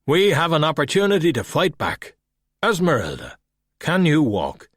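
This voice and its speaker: A man reads a calm, sharp-witted skeleton detective in an audiobook. The voice is husky and swings lively in pitch, wry and unhurried. The recording is close and dry. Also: no echo, heavily acted.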